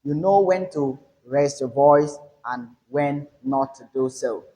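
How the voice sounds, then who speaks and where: A man teaching an English lesson, explaining slowly and with emphasis. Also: mid-range voice, warm tone, rough recording. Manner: slow, deliberate, emphatic explaining.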